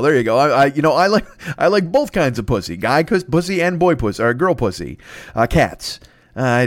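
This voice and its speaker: Man, podcast host, rambling comic monologue, profane, self-mocking, stammering restarts, medium pitch, dry close sound. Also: dry recording.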